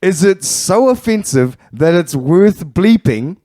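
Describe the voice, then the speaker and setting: A New man co-hosts a podcast with a lively, swooping delivery. He throws in quick jokes and swears freely. The sound is close and dry. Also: high-pitched, no echo. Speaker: podcast co-host. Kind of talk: casual podcast banter.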